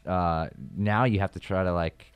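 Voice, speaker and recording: Male guest, low resonant voice, relaxed, filler-heavy chat. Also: moderate pace, clear, resonant tone, dry recording. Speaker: guest musician. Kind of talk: casual chat.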